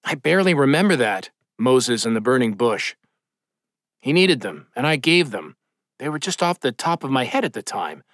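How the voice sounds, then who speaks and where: A man's voice: medium pitch, big pitch swings, moderate pace, fairly bright tone, dry recording, studio quality. A man voicing a casual, irreverent male god who waves off his own old rules. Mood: offhand. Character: blunt folksy male deity, easily bored.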